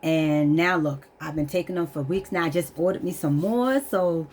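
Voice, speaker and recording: Low-voiced woman sharing her struggles, near tears. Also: normal speed, a little mellow. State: holding back tears. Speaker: vlogger. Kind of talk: candid personal testimony to camera.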